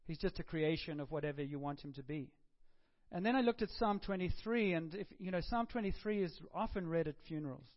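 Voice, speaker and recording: A man's voice: on the high side, animated, a little fast, highs cut off. A man preaching a sermon in a conversational way, often stopping and repeating words.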